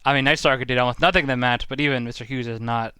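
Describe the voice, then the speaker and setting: Bright, smooth-voiced man analyzing. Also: medium pitch, steady tone, very fast, no echo. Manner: thoughtful, analytical, uses vivid comparisons. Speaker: podcast co-host giving opinions. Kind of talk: casual chat.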